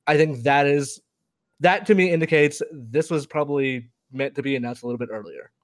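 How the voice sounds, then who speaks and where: A man co-hosting a casual gaming news podcast, talking through his views in a measured, analytical way. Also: on the high side. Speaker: podcast co-host.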